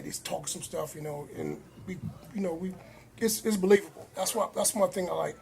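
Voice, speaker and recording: A man, a filmmaker guest, talking in a casual podcast conversation, animated and acting out quoted lines. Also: high voice, fairly quick, vocal fry, a little hiss or hum. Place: cigar lounge.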